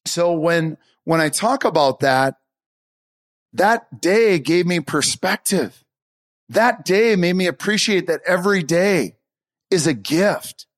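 Man, motivational podcast talk, earnest, emphatic, fairly high voice. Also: expressive, takes it slowly. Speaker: podcast speaker.

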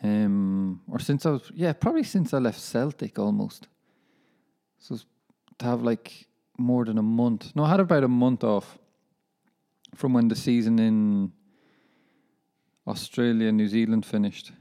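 A young man, a professional footballer who hosts a solo podcast, speaks with a warm, medium-pitched voice, a little slowly and with long pauses. He chats casually in a rambling, self-deprecating way, addressing his listeners as lads.

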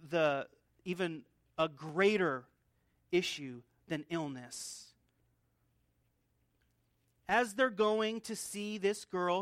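A man's voice: high-pitched, a bit bright, no echo, clean studio sound. A male pastor preaching an expository sermon in an earnest teaching manner, often restarting and repeating words. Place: church.

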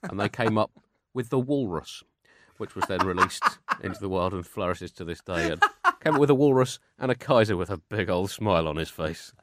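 A man's voice: low-pitched, expressive, a little fast. A man co-hosting a satirical comedy chat, with a mock-pompous, newsreader-style delivery. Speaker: comedy podcast co-host.

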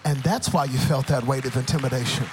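A man voicing the Holy Spirit in a quiet, measured way, gently probing. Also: mid-range voice, fairly even intonation, slight background noise, natural voice. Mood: gentle.

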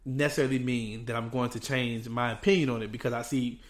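A man co-hosting a podcast in casual chat, animated, laughing often and tagging lines with "bro". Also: mid-range voice, quick pace, roomy sound. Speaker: podcast co-host.

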